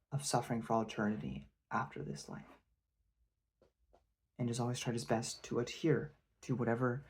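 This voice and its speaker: A man's voice: medium pitch, darkish tone, slightly rough. A man giving a rambling, hesitant spoken review of a fantasy novel. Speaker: book reviewer.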